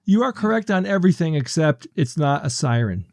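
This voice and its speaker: A man hosting a podcast segment in a relaxed casual chat, reading listener emails and laughing often. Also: a little high, fairly quick, dry recording, studio quality.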